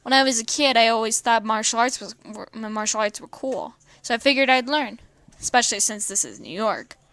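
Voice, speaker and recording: A woman's voice: on the high side, expressive, fairly quick, a bit bright, no echo. A woman voicing a feisty, cocky young woman in a read-aloud fan story. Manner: cocky, breezy. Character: feisty young woman, college student, fighter.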